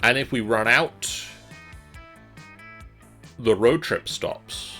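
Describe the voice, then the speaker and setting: A man with a mid-range voice speaks extremely slowly in a pushed, bright tone while co-hosting a casual let's play. His gaming chat is hesitant, full of ums and restarts, with faint music behind him.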